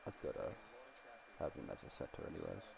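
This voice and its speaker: A man's voice: fairly quick, a crowd in the background, low-quality recording. A man casually commenting while building a rugby team in a game, rambling and laughing often. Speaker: gaming streamer.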